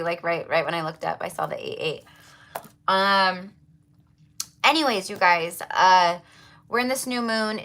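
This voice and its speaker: A woman's voice: mid-range voice, fairly bright tone. A woman hosting a tarot livestream, chatting casually and effusively to her viewers with lots of fillers and repeats.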